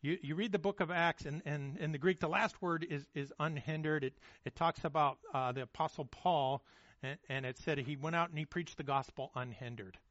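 Casual, fairly high-voiced male preacher. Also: normal speed, fairly bright tone, dry recording, highs cut off. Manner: casual, repeats words as he restarts, checks in with "okay?" and "right?". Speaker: pastor. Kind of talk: conversational sermon.

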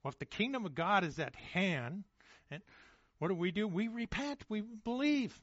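Casual, fairly high-voiced male preacher. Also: expressive, moderate pace, dry recording, lo-fi sound. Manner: casual, repeats words as he restarts, checks in with "okay?" and "right?". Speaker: pastor. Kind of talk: conversational sermon.

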